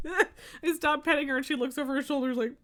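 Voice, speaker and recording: A woman's voice: sits high, brisk, fairly bright tone. A woman live-streaming, reading a nonfiction book aloud with casual, laughing asides and sudden sweary outbursts.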